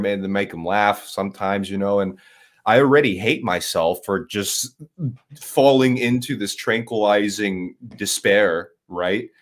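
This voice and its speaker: A man in casual podcast chat, rambling and emphatic, swearing a lot with frequent restarts. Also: fairly low pitch.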